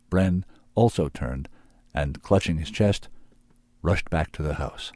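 A man reading a story aloud in an even, measured way, voicing the characters along the way. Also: rumbling low, dry recording. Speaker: reader of submitted manuscripts. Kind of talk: storybook narration.

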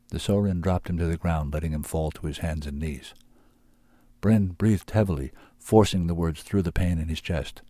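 A man reading a story aloud in an even, measured way, voicing the characters along the way. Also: deep voice, no echo. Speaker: reader of submitted manuscripts. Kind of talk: storybook narration.

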